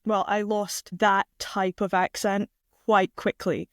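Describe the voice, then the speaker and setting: Young Scottish speaker, mild accent. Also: male voice, high voice, little pitch movement, slow, a bit bright, dry recording, studio quality. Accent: softened Scottish. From Scotland. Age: young adult. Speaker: guest. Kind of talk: casual chat.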